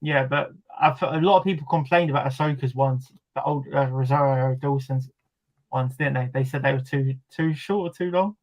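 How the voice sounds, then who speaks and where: A man hosting a casual online talk show, chatty and quick to laugh. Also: medium pitch, rough recording. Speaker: host. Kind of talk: casual chat.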